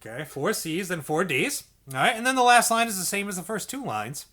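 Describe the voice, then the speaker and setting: Bright-voiced encouraging male music teacher. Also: high voice, sing-song, fairly quick. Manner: patient, encouraging, repeats checks like okay and all right; sings syllables to demonstrate notes. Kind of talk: instructional video lesson.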